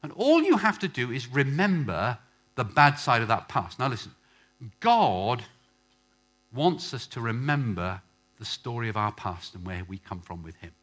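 A male pastor preaching a sermon, swinging from quiet asides to loud, emphatic lines and calling out questions to the congregation. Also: mid-range voice, big pitch swings, moderate pace. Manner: calls out questions for the congregation to answer.

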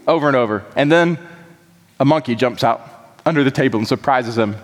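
A man's voice: medium pitch, animated, a little fast, in a large hall. A man who is a pastor, preaching a sermon with impassioned, repetitive emphasis that keeps building.

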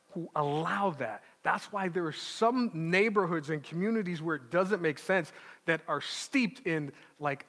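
A man preaching a sermon as pastor, emphatic, with rhetorical "right?" asides and slowing down to stress points, in a church. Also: on the high side, pushed and bright, big-room sound.

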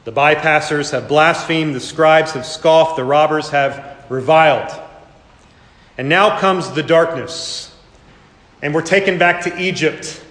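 A pastor delivering a sermon in an earnest, dramatic way, his voice sitting a little high for a man. The sound rings around a large church hall, with a long tail of reverb behind each phrase. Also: measured pace, a bit bright. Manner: earnest preaching, acts out mocking voices.

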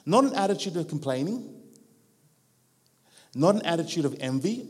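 Man preaching with a raised pitch in a reverberant hall. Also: expressive, fairly quick, pauses often, husky. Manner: rhythmic repetition, acts out quoted voices. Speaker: guest preacher. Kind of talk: sermon. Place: church hall with a live band.

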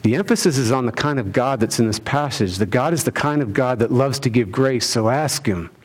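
A man's voice: medium pitch, lively intonation, a little fast. Man preaching an emphatic sermon. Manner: emphatic preaching with rhetorical questions, swinging between loud and hushed. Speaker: pastor.

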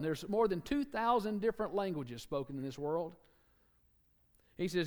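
A man from Alabama with a Southern accent, preaching a sermon emphatically, swinging between loud and soft and repeating key words. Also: high voice, lively intonation, moderate pace.

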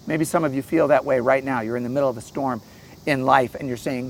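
A man giving an earnest, storytelling sermon outdoors by a lake, swinging between loud and soft passages. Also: medium pitch, fast talker. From St. Louis area. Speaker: pastor.

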